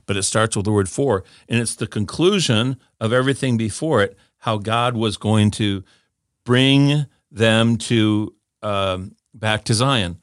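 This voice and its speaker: A man's voice: fairly low pitch, measured pace, no echo, clean studio sound. An older man giving an informal scripture teaching talk, eager and often restarting with repeated words as he explains. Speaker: Bible teacher.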